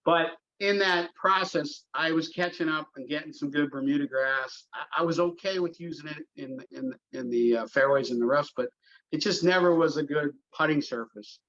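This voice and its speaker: A man's voice: on the high side, normal speed, a bit bright, lo-fi sound. A middle-aged man, a golf course superintendent, telling long stories in a casual podcast interview, with lots of fillers and restarts. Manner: rambling storyteller, many fillers and restarts.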